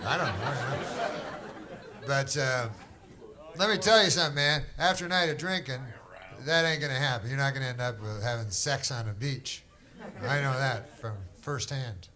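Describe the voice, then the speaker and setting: A middle-aged man from Canada doing stand-up crowd work, with rambling, deadpan, drawling storytelling. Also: mid-range voice, normal speed, noisy background. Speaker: stand-up comedian. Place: comedy club stage. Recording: live club set with a loud crowd. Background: audience laughter.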